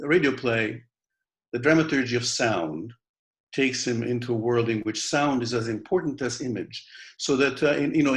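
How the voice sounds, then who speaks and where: A man giving an academic conference talk over a video call, animated and halting, with many fillers and restarts. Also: medium pitch. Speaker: conference panelist.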